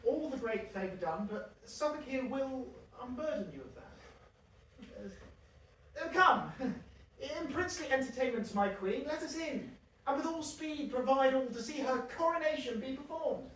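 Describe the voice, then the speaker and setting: A man's voice: extremely high pitch, lively intonation, normal speed, fairly bright tone, slight background noise. A man playing a young king who stumbles and hesitates through his lines with nervous laughter. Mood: eager. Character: giddy, flustered young king. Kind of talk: stage acting. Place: theatre stage. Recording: echoey theatre from far off.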